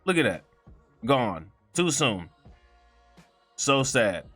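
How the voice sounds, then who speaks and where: A man's voice: mid-range voice, sing-song, slow, fairly bright tone, breathy edge, soft background music. A man giving a heated, profane commentary in a blunt, indignant way. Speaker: video commentator.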